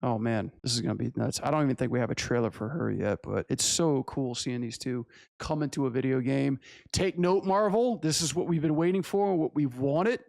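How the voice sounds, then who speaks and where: A man hosting a casual animation review, excitable and full of profane slang. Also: medium pitch, fairly quick, gravelly, no echo. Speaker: animation reviewer, channel host.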